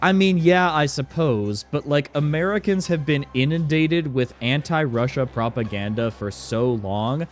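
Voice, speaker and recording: A man's voice: fairly high pitch, unhurried, hardly any pauses. A man streaming a game, giving chatty, jokey commentary full of fillers. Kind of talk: casual let's-play commentary.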